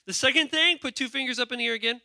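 A man preaching a lively sermon, reading scripture aloud with playful asides and calling on the congregation to respond. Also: very high voice, rapid-fire, creaky, no echo, clean studio sound. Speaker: pastor.

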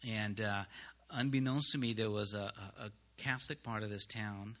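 Bright-voiced man telling a testimony. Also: lowish voice, steady tone. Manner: halting, many pauses and restarts. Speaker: missionary. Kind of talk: spoken testimony to a congregation.

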